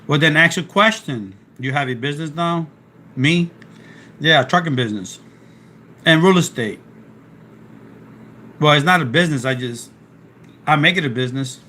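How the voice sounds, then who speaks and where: A man from South Philly with a Philadelphia accent, rambling casually through a live stream. His voice sits a little high and comes across bright and pushy. He is getting over a sore throat. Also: moderate pace, pauses often, slight background noise. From South Philadelphia, USA. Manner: chatty, rambling, restarts often. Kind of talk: casual live stream, reading chat aloud and explaining.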